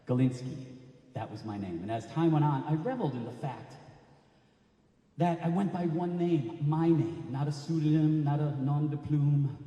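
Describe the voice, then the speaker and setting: A man in his fifties from Connecticut gives a dramatic live storytelling reading, switching between quiet asides and shouted bursts. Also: medium pitch. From Connecticut, USA. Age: 50s. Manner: animated, dramatic, shouts sudden bangs. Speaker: storyteller performer. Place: library hall. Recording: echoey library hall.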